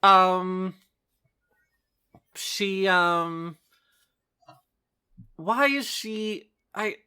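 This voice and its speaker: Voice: medium pitch, very slow, sharp tone, smooth. A podcast co-host in casual chat, rambling and hesitant with many ums.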